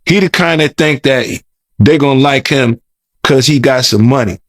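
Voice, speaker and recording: A man's voice: medium pitch, normal speed, fairly bright tone, no room sound. Interview guest, male, rambling slangy storyteller with a mid-range voice, dry sound. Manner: rambling, repeats words, loose slangy talk. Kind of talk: casual storytelling.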